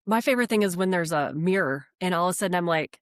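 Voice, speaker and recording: A woman co-hosting a casual podcast chat, lively and expressive and laughing often. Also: on the low side, quick pace, dry recording, clean studio sound.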